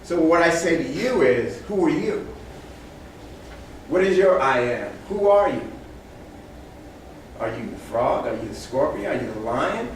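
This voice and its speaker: A man's voice: a little high, expressive, measured pace, long pauses, a little hiss or hum. A man giving a motivational talk to a small live group, telling animal stories and acting out the animals' voices with big shifts in energy. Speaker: motivational speaker. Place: room with a small audience. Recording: echoey room, speaker far from mic.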